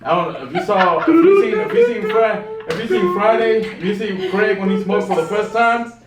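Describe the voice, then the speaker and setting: A man telling a story in casual chat with friends, in a relaxed, slangy way. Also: high-pitched, fairly quick. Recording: echoey room, mic at a distance, faint noise.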